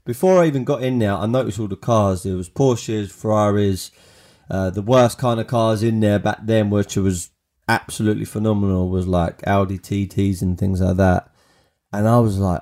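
Chatty man, low mellow voice. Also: moderate pace. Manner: chatty, animated storytelling with many restarts. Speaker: podcast host. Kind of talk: storytelling monologue.

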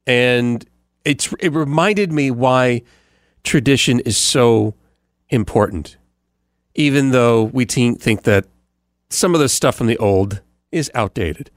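A man's voice: medium pitch, takes it slowly, no echo, studio quality. A man who hosts a morning radio show, giving a casual rambling recap with many fillers and restarts. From United States. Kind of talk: casual podcast recap monologue.

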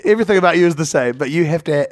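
A man's voice: a little high, animated, very fast, no echo, clean studio sound. A man co-hosting a casual, comedic podcast chat, rambling through jokes and laughing often. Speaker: podcast co-host.

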